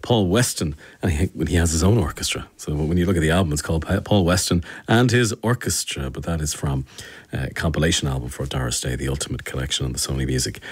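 A man's voice: extremely low pitch, quick pace, husky. A man with an Irish accent presenting a radio show, reading out listener messages in a chatty, easygoing way. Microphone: studio microphone.

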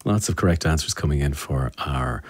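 An Irish man hosts a radio show from a studio microphone and reads out listener messages. His voice sits low and a little husky. He talks in a relaxed, chatty way and jokes along with his listeners. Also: moderate pace. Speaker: radio presenter. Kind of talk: casual radio chat reading listener messages.

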